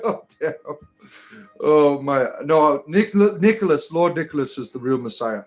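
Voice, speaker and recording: An older man rambling through mock-spiritual replies to comments, halting and chuckling, with an irreverent deadpan manner. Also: a little high, faint music behind. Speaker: comedic spiritual character responding to comments. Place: Ireland.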